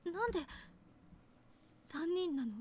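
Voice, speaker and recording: A woman's voice: very high voice, animated, normal speed, a little mellow, slight background noise. A woman voicing a sweet, cheerful and naive girl in a game, with a sing-song, childlike way of talking. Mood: curious.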